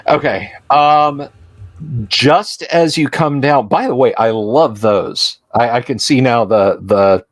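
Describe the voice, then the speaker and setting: A man narrating a tabletop horror game as game master, speaking with many pauses and fillers. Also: medium pitch. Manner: hesitant, many fillers and restarts.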